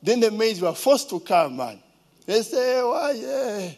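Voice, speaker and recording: A man with a Ugandan accent tells a casual story in a high-pitched voice. His pitch swings widely, and he keeps throwing in rhetorical questions. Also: a little slow. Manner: animated, rhetorical questions, mimics a child's voice.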